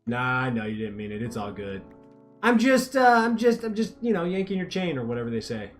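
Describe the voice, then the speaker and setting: A man's voice: mid-range voice, sing-song, fairly quick, soft background music. A young man livestreaming a game, chatting casually, reading viewers' messages aloud and teasing them. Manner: rambling, playful, reads chat aloud and teases viewers. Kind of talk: casual livestream chat while gaming.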